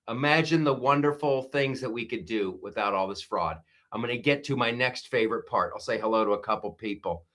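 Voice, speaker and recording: A male comedian hosts an unplanned live stream and talks in a casual, excitable riff full of fillers. His voice is bright and forward, and his pitch is mid-range for a man. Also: moderate pace. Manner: excitable, riffing, with frequent fillers.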